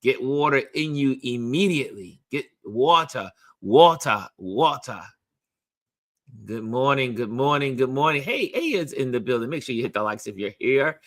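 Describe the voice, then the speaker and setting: A middle-aged man hosts a casual morning live stream and reads viewer comments aloud. His pitch sits in the middle of the range but swings widely and sing-song. He talks chattily and repeats his phrases. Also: lively intonation, normal speed, a bit bright. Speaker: host of a daily live stream. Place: New York.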